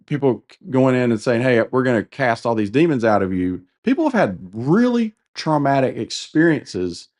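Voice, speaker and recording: A man's voice: medium pitch, very animated, moderate pace, few pauses, darkish tone. A man with a Southern US accent co-hosting a podcast, talking candidly in a rambling, self-correcting way. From Carolinas, US. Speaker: podcast co-host. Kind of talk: casual conversation.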